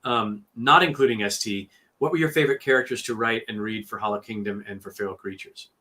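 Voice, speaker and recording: A man's voice: fairly low pitch, brisk, bright, forceful tone. A man who narrates audiobooks, talking animatedly on a video call and restarting his sentences often. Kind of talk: casual conversation on a livestream.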